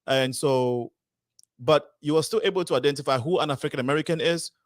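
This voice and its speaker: A man's voice: fairly high pitch, brisk, no echo. Male panel host, probing questions, dry close sound. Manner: probing, restates guests' points. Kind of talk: moderating a panel discussion.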